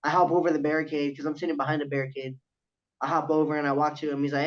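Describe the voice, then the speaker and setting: On a laid-back podcast, a young wrestler guest spins a story at very high speed in a fairly high voice. He quotes others' dialogue and swears constantly, and the lo-fi recording sounds dull.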